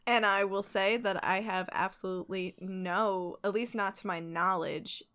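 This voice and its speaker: A woman's voice: medium pitch, steady tone, unhurried, fairly bright tone, clean tone. A young woman with a New York accent co-hosting a casual podcast, chatty and self-deprecating. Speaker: podcast co-host. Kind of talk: casual chat.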